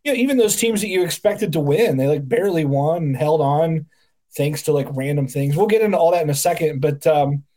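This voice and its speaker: A man's voice: a little high, brisk, dark tone. A man co-hosting a casual sports podcast, joking and rambling with lots of fillers. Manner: jokey, rambling, filler-heavy. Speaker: podcast co-host.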